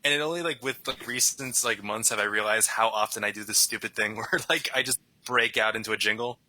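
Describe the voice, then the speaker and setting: Bright-voiced rambling young man. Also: fairly low pitch, fairly quick, no echo, rough recording. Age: young adult. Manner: rambling, chatty, laughs easily. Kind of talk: casual conversation.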